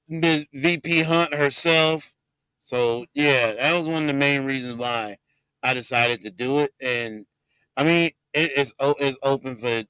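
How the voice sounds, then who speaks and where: A man's voice: mid-range voice, bright, forceful tone, smooth, no room sound, poor audio. A man hosting a casual podcast, laid-back and talkative, often repeating himself as he talks. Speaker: podcast host.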